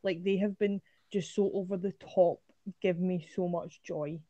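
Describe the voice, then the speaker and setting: Mellow woman on a dull lo-fi line. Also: lowish voice, fairly even intonation, unhurried, no echo. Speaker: podcast co-host. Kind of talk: casual chat. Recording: dull lo-fi sound.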